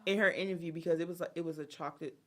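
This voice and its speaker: A woman's voice: on the low side, steady tone, very fast, a bit bright. A woman co-hosting a casual gossip chat, telling a story and acting out what people said. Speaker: podcast co-host.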